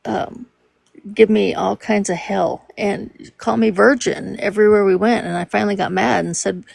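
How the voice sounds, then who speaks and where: Gravelly mid-fifties Minnesota woman. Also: medium pitch, steady tone, moderate pace, no room sound. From Minnesota, USA. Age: 50s. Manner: conversational, laughs easily, trails off with fillers. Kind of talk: casual chat.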